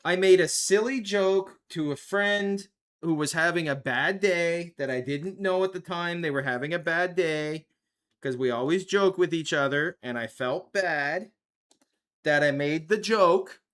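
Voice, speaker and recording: A man's voice: a little high, measured pace, fairly bright tone, clean tone. A man hosting a live stream, chatting casually with his viewers and laughing often at a desk microphone. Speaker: livestream host.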